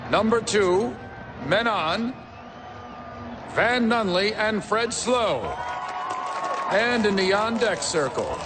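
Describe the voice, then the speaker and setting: A man announcing like a ballpark public address announcer, drawn out and booming. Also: expressive, slow pace, pauses often, crowd noise, noisy background. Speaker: stadium announcer in show intro.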